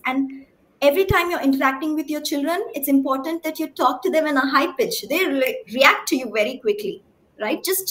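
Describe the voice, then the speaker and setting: A woman's voice: sits high, fairly bright tone. A woman speech therapist giving an emphatic talk to parents, often checking in with "right?" and asking the audience questions. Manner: clear, emphatic teaching with frequent "right?" check-ins.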